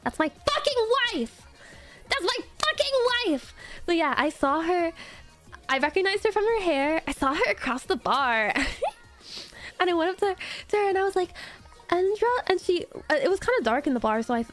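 A woman's voice: very high voice, expressive, brisk, fairly bright tone, faint music behind. A woman streaming as a VTuber, chatting casually and gushing through a story with lots of giggles.

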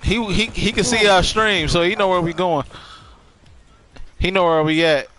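A man's voice: sits high, normal speed, bright, forceful tone. A man streaming a shooter game with friends, trash-talking and joking that he is getting mad. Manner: trash-talking, mock-angry, playful. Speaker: gaming streamer. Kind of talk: casual gameplay chatter.

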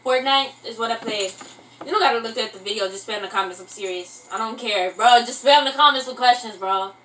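High-voiced young woman rambling playfully. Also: fairly quick, a bit bright, distant mic, poor audio. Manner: rambling, playful, self-mocking; breaks into singing snatches. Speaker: vlogger. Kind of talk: casual chat to camera. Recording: voice from away from the mic.

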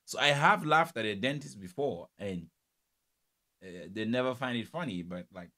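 A man's voice: medium pitch, normal speed. Guy doing reaction commentary, teasing, voice bounces up and down a lot. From Cameroon. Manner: animated, teasing, laughs often. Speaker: reaction video host.

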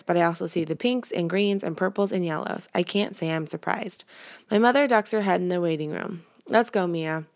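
A woman reading a first-person novel aloud in an even, measured storytelling way. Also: fairly low pitch, creaky. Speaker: reader.

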